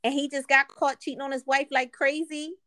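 A woman in her thirties co-hosting a podcast, telling stories in lively casual chat and laughing often. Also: sits high, fairly quick, dry recording. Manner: animated storytelling, laughs often, slangy. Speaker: podcast co-host.

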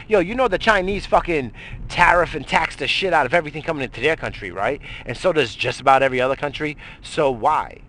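A man's voice: fairly high pitch, fast, fairly bright tone. Swearing, heated middle-aged man ranting. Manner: heated, swears constantly, rambling with restarts. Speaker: radio show host. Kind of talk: profane political rant.

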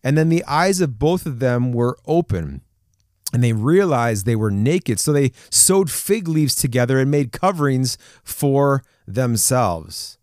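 A man's voice: medium pitch, unhurried, dry recording, clean studio sound. A young man preaching a casual sermon, acting out the scripture figures and laughing now and then. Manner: animated, acts out scripture figures, chuckles.

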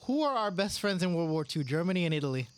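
A man's voice: sits high, sing-song, smooth. A man from Japan co-hosting a casual podcast, brash and joking, recorded outdoors at night. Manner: brash, joking, quick to mock. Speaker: podcast co-host. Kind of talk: casual chat. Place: outdoors at night, crickets behind. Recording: faint outdoor insect noise.

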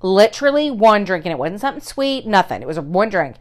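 A middle-aged woman telling a story in casual chat, animated and swearing, loudly acting out what people said. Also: mid-range voice, fast talker.

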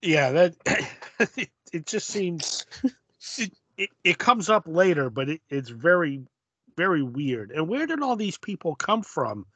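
A man co-hosting a casual podcast, describing comic panels in a thoughtful, halting way with many restarts. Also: fairly high pitch, sing-song, a bit bright, slightly rough, no room sound. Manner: hesitant, restarts often, thoughtful. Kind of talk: casual comic book discussion.

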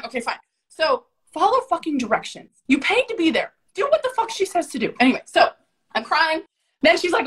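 Podcast guest, woman, high voice, profane storyteller who acts out every quote. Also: expressive, fast, fairly bright tone, poor audio. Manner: swears constantly, acts out quotes in shifting voices.

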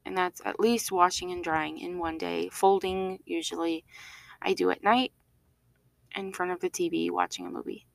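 A woman's voice: lowish voice, steady tone, moderate pace, gravelly, no room sound. A woman co-hosting a podcast in casual chat, talking with many fillers and frequent laughs. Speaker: podcast co-host.

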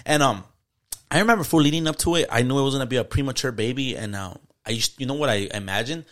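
A man's voice: medium pitch, fast, a bit bright. A young man, telling a story in casual podcast chat, slangy and profane, dropping in Spanish words. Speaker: podcast host.

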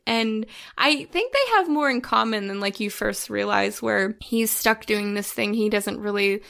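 A woman co-hosting a podcast gushes emotionally about a film in casual discussion, sometimes tearful and full of restarts and fillers. Her mid-range voice is creaky and a bit bright, at a moderate pace with hardly any pauses.

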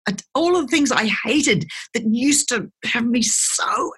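A woman, a guest speaker chatting in an interview and telling lively stories, acting out the voices of people she quotes. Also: a little high, a little slow, breathy edge. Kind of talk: conversational interview.

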